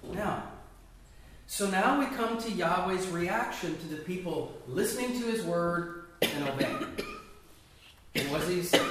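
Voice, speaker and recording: A man's voice: on the high side, fairly bright tone, far from the mic, a little hiss or hum. A man leading a small Bible study class, asking the group questions as he teaches. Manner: conversational, asks the group questions. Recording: echoey room picked up from afar.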